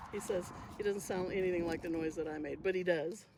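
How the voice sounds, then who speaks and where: Woman, gardening vlogger, casual thinking-aloud chatter, outdoors, faint traffic behind. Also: lowish voice. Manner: chatty, thinking aloud, soft-spoken asides. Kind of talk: casual narration while working. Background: passing traffic.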